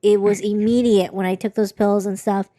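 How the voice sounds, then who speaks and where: A woman's voice: mid-range voice, level tone, normal speed, mellow, no echo, clean studio sound. A young woman co-hosting a podcast, telling a personal story in a candid, rambling way with many restarts. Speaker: podcast co-host. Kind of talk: casual chat.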